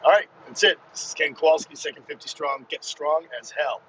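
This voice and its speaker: A middle-aged man talks through a casual solo podcast from his parked car, rambling and poking fun at himself. His voice is bright and forward, and the recording is a little dull, with faint vehicle noise under it. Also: on the high side, brisk, distant mic. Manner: rambling, self-deprecating, excitable. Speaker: podcast host.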